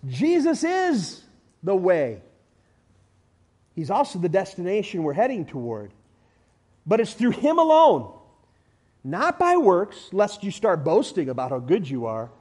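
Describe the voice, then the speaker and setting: A man preaching a sermon with emphatic delivery, swinging from loud declarations to hushed lines, with everyday illustrations and humor. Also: sits high, huge pitch swings, measured pace, pauses often, husky.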